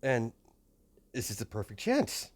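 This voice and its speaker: A man's voice: mid-range voice, wildly swooping pitch, a little slow. A man doing a smug scheming inventor.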